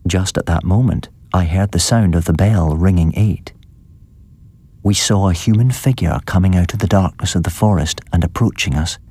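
Deep, husky man reading a story. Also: moderate pace, mellow. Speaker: narrator.

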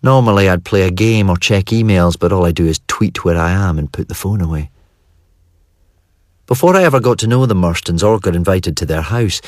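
A man reading first-person narration for an audiobook in a measured, even delivery. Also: low-pitched, no echo, clean studio sound.

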